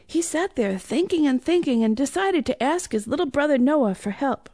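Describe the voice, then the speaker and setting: A woman reading a children's Christmas bedtime story, animated with hushed, whispery asides. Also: high voice, moderate pace, no echo, studio quality.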